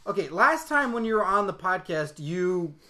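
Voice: mid-range voice, very animated, moderate pace, sharp tone. A podcast host chatting casually, teasing and playing the straight interviewer. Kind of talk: casual chat.

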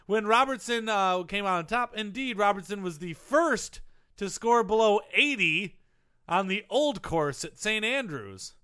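A man co-hosting a comedy podcast, reading out trivia and cracking deadpan jokes. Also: sits high, measured pace, clean tone. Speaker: co-host.

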